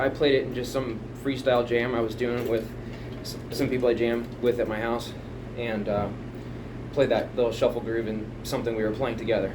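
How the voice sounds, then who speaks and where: A man's voice: medium pitch, steady tone, brisk, music in the background. A man casually explaining a drum pattern, rambling and chatty, counting beats aloud at home. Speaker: drum teacher. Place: home music room. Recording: home room, mic picking up loud drum kit from a distance.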